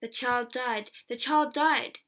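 A frightened thirteen-year-old boy , as a woman reader puts him on, blurts out his words and repeats himself. His voice sits high and sounds close to tears. He is a storybook figure. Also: fairly even intonation, slow pace, a bit bright. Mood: blurting. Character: frightened teenage boy, timid, tearful.

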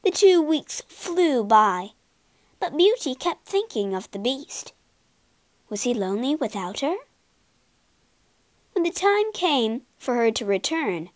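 Expressive woman reading a storybook. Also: a little high, no echo. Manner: expressive, unhurried. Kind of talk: storybook read-aloud.

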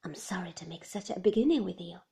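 A woman reading aloud and voicing a grave, gentle male schoolmaster who speaks quietly. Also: lowish voice, expressive, fast.

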